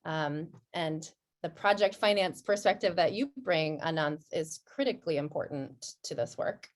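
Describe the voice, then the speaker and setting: Measured woman hosting a webinar. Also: low voice, lively intonation. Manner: friendly, measured, speaks slowly for the audience. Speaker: webinar host. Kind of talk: moderated webinar discussion.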